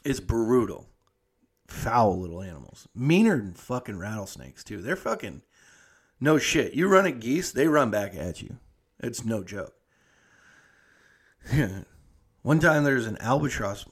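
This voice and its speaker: A young adult man hosting a podcast, telling a story in a loose, profane, animated way. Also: medium pitch, a little slow, long pauses, slightly rough. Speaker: podcast host. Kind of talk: casual storytelling monologue.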